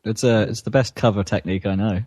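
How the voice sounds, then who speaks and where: A man with a fairly low, husky voice co-hosting a casual podcast. He drops dry, deadpan one-liners. The recording is dry and close. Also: fast, no room sound. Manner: dry quips, deadpan asides. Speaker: podcast co-host. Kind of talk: casual chat.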